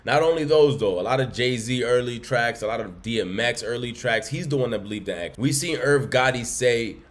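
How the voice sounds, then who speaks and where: A man hosting a commentary channel, talking casually and with feeling about music news. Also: medium pitch. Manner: fast, conversational, emotional.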